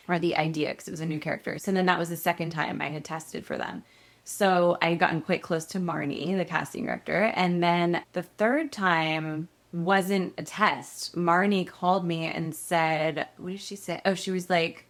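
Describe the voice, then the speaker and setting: A woman's voice: on the low side, normal speed. A woman in her thirties, a guest actress, telling a story casually in an interview and acting out the voices of the people in it. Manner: animated storyteller, acts out quoted voices.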